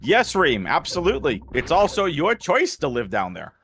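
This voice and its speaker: A man's voice: fairly high pitch, huge pitch swings, normal speed, a bit bright, a little hiss or hum. A man from New England doing casual live commentary on a speedrun race, chatty and joking, laughing often. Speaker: game commentator.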